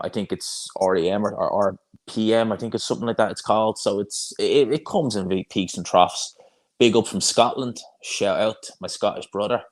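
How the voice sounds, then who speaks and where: A young man talks casually on a live stream, answering viewer comments as he goes. He rambles and restarts his sentences, in a voice that sits a little low for a man. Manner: chatty, rambling, frequent restarts and fillers. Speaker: boxing YouTuber hosting a live watch-along.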